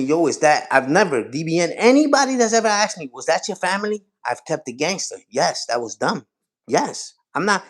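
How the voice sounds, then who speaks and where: Profane rambling man on a livestream. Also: on the high side. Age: 40s. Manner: profane, rambling, talks straight to chat. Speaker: livestream host. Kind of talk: casual livestream chat.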